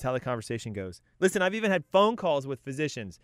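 A man's voice: mid-range voice, big pitch swings, fast, hardly any pauses, dry recording, clean studio sound. A man hosting a health talk as a coach, emphatic and punchy, rattling off lists. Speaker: health coach and show host.

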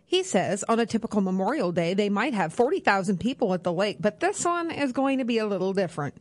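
Lady reporter reading a news story, plain even read, dry sound. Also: mid-range voice, quick pace, no echo. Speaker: radio reporter.

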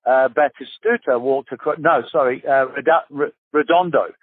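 A man's voice: medium pitch, normal speed, husky. An Australian man in his fifties, a former footballer telling stories in an interview and acting out the voices in them. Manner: lively storyteller acting out quotes. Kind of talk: casual storytelling interview. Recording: tinny phone-like dry sound.

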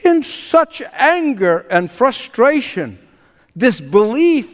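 A male preacher tells a story in a sermon, slow and deliberate. His voice sits high and moves widely in pitch. A long church reverb trails his words. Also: animated. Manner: dramatic, deliberate.

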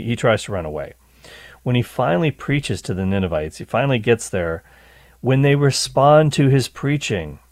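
A male radio host explains a scripture story with lively, swinging pitch and a dry, close studio sound. He talks in an animated storytelling way, often restarting his phrases. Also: dry recording. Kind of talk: radio Bible teaching.

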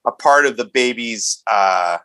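A man's voice: medium pitch, expressive, unhurried, pushed and bright, no room sound. A man co-hosting a podcast in casual chat, teasing and rambling with mock exasperation. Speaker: podcast co-host.

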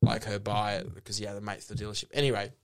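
A man's voice: lowish voice, level tone, rapid-fire, clean tone. An Australian man co-hosting a comedy podcast, telling a rambling story and laughing through his words. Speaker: podcast co-host. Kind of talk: improv comedy podcast chat.

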